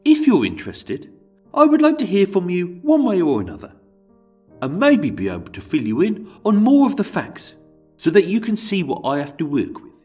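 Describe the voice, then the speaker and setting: A man's voice: sits high, wildly swooping pitch, normal speed, darkish tone, faint music behind, voice pushed up. A man with a put-on Brummie accent reads out a formal, aggrieved letter as a self-pitying jailed murderer pleading with a lawyer. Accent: Birmingham (Brummie), put on.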